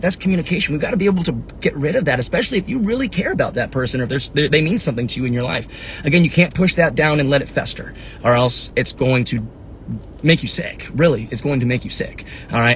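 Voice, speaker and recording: A man's voice: fairly high pitch, a bit bright, a little hiss or hum. A man in his thirties, a fitness coach, giving a casual live talk on handling anger, earnest and conversational, always checking in with "right?" and "you know what I mean". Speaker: fitness coach and motivational talker. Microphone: phone or webcam.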